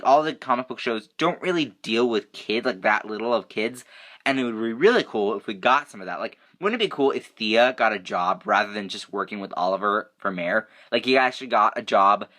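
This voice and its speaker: A young man giving a casual, excitable, rambling review of a TV episode, full of fillers. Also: medium pitch. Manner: excitable, rambling, many fillers like "you know" and "like". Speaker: TV review vlogger.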